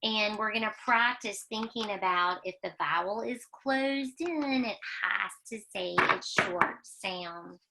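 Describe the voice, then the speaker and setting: A woman's voice: mid-range voice, creaky, heavy background noise. A woman teaching a children's phonics lesson, patient and sing-song, stretching out words and repeating key phrases. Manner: patient, sing-song, drawn-out teacher talk with emphatic repetition.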